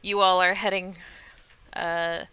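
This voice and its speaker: A woman running a tabletop game as game master. Her voice sits low yet sounds bright and crisp, and she takes her time between words. She is easygoing and laughs often. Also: little pitch movement, slow pace. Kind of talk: narrating a tabletop game online.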